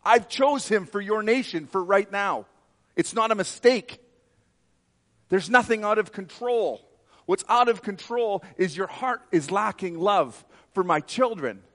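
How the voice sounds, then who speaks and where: A man voicing God as a stern male voice that rebukes him, raising his pitch and volume to deliver it forcefully. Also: unhurried, long reverb tail. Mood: commanding.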